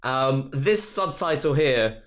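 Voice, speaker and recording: A man's voice: medium pitch, animated, takes it slowly. A man co-hosting a casual podcast, joking and teasing his friend in a playful way. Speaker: podcast co-host. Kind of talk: casual chat.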